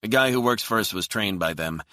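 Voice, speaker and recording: A man voicing a male computer forensics expert who speaks briskly and emphatically. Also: lowish voice, pushed and bright, no echo, clean studio sound, pitched above the performer's own voice. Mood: urgent.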